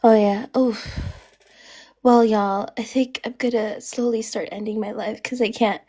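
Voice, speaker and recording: A woman's voice: a little high, fairly even intonation, unhurried, warm tone. A woman hosting a casual livestream, breathless from laughing and talking between giggles. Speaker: livestream host.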